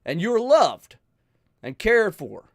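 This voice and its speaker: A man hosting a channel, talking earnestly and emotionally to his viewers, pleading with them, sighing and pausing as he speaks. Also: sits high, huge pitch swings, dry recording, clean studio sound. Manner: emotional, pleading, with sighs and pauses. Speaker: channel host. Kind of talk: earnest heartfelt talk to viewers.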